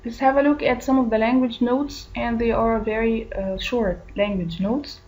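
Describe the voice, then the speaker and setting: A woman's voice: a little high, fairly even intonation, moderate pace, a little mellow, low-quality recording. A woman English teacher with an Egyptian accent and Arabic as her first language, patiently going through answer choices and explaining words. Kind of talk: recorded English lesson.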